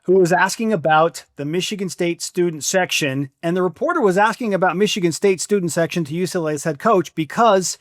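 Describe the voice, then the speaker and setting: A man hosting a podcast, telling stories in an animated way and giving firm opinions. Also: high-pitched, fairly quick, hardly any pauses, no room sound, studio quality. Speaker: podcast host. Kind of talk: casual chat.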